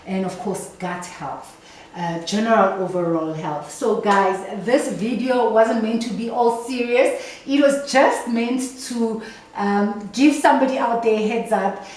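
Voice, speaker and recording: A South African woman talks casually to her camera, chatty and lively, and sometimes mimics the people she quotes. Her voice sounds set back from the mic in a very echoey room. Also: on the high side, a little slow, recorded from a distance, a little hiss or hum. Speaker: vlogger.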